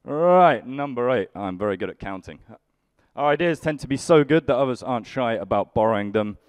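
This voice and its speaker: A man's voice: mid-range voice, expressive, brisk, a little mellow, clean tone, no room sound. A young man doing live stand-up comedy, grumpily bantering with the audience in a dry way. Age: young adult. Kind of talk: live stand-up with crowd work.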